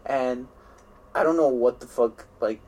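A young man spins long, looping stories from his school days in a relaxed podcast chat. He keeps starting his sentences over and swears freely. He often breaks into laughter at his own tales. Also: mid-range voice, a little slow. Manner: rambling storytelling with frequent restarts and swearing. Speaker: podcast co-host. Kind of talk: casual chat.

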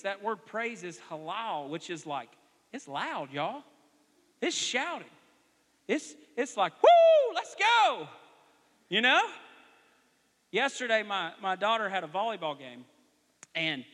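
A male pastor preaching a sermon. He moves from conversational asides to loud, animated exhortation. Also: high voice, big-room sound. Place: church sanctuary.

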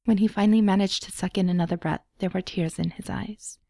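A woman reading a story aloud as an audiobook narrator, in a measured storytelling manner. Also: mid-range voice, steady tone, gravelly, mellow, dry recording, studio quality. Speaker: podfic reader.

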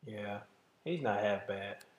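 A man's voice: fairly low pitch, slow, echoey room. A man co-hosting a casual chat, making dry, joking asides. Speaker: podcast co-host.

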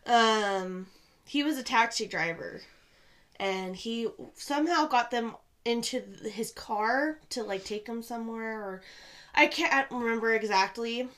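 Rambling young woman, fairly high voice. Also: a little slow. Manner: rambling, heavy use of "like", swings from loud excitement to quiet. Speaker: podcast co-host. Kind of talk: casual chat.

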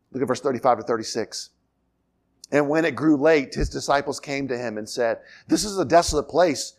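A man preaching from the pulpit, his pitch sitting a touch high and swinging widely as he works through the passage. He reads the verses aloud, then breaks into casual asides and rhetorical questions, acting out what the disciples might have said. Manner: expository preacher, reads scripture aloud and acts out dialogue in asides. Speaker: pastor. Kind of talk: sermon.

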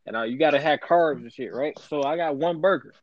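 A man's voice: on the high side, brisk, no echo, lo-fi sound. A man in casual podcast chat, boastful and insistent, swearing freely.

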